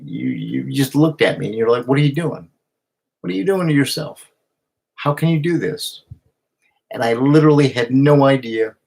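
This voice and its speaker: A man speaking into a camera in a heartfelt personal video message to his partner, emotional and halting, with restarts and pauses. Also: medium pitch, vocal fry, a little mellow, slightly rough.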